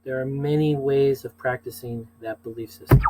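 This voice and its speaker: A man's voice: medium pitch, steady tone, moderate pace, warm tone, poor audio. Male teacher, casual lecture delivery, chatty with asides, mid-range voice. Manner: chatty, asides and fillers, checks in with "okay?".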